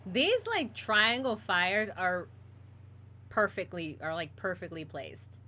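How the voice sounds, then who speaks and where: A woman's voice: lowish voice, big pitch swings, takes it slowly, pushed and bright. A woman streaming a game, reading its text aloud with casual asides.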